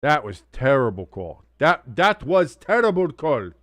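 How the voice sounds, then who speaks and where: A man voicing a gruff mock Eastern European man who grumbles about referees in clipped, broken grammar. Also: medium pitch, big pitch swings, unhurried, a bit bright, no room sound. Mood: indignant.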